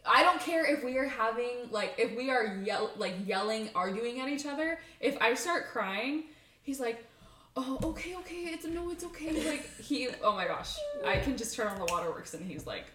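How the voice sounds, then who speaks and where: A woman's voice: on the high side, lively intonation, normal speed, bright, forceful tone. A woman co-hosting a casual podcast chat, frank and chatty, full of "like" fillers and the odd swear. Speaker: podcast co-host. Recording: echoey room, distant mic, background noise.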